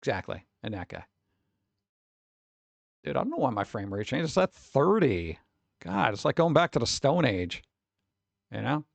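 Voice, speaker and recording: With big pitch swings and frequent pauses, a male streamer talks at a moderate pace to his live chat. His mid-pitched voice is gravelly and fry-edged, he swears freely and speaks straight to viewers, and the audio is close and dry without echo.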